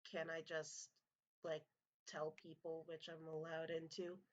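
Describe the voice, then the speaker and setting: Lady doing a grumbly masked guy, low, slow, mumbly. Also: monotone. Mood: grudging. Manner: hesitant, mumbling, grudging.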